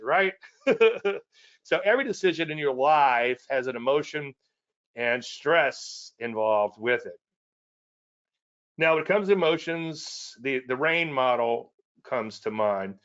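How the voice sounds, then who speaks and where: A man's voice: a little high, measured pace, a bit bright, dull audio. A man with a Cajun Louisiana accent giving a casual trading presentation, repetitive and folksy with self-deprecating asides.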